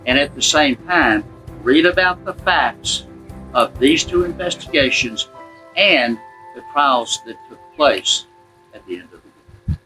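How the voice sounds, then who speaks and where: A man's voice: medium pitch, a little slow, faint music behind, low-quality recording. A man, a former detective, talking to an audience about his books and his work, acting out the people he quotes. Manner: animated storyteller, acts out quoted people. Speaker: retired detective and author. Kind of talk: promotional talk addressed to an audience.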